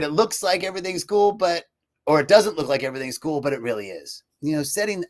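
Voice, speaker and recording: A man hosting an inspirational live talk, telling stories in an animated way and laughing easily. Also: medium pitch. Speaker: host.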